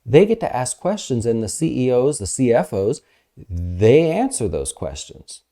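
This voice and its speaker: A man giving casual, energetic market commentary as an investment advisor host, talking fast with fillers. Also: mid-range voice.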